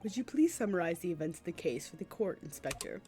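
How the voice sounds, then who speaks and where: A woman's voice: lowish voice, big pitch swings, quick pace, mellow, soft background music. Woman as a cold, pompous male game prosecutor, formal and clipped. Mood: haughty.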